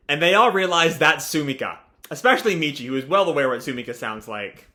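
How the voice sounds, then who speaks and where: Brief: young male reaction host, casual and rambling, bright and forceful tone, slightly high. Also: lively intonation, a little fast, few pauses. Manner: casual, rambling, many fillers. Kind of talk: live reading and reaction.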